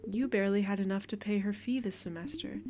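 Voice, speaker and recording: A woman's voice: medium pitch, fast talker, noisy background, natural voice. A woman voicing a stern grandmother who reproaches her grown daughter in a firm voice.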